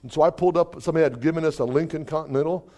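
A male preacher telling a testimony in a sermon, lively and dotted with hallelujahs and chuckles. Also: fairly high pitch, racing. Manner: animated, exclamations of hallelujah, chuckles.

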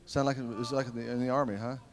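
Animated male revival preacher. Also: medium pitch, very fast. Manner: animated, storytelling, swings from loud to hushed. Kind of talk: revival sermon with personal stories.

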